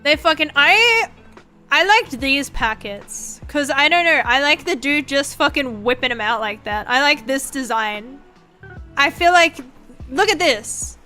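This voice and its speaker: Woman, young adult, high-pitched, animated, swears a lot, casual stream chat. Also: unhurried, faint music behind. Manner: sweary, rambling, animated storytelling. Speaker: vtuber streamer.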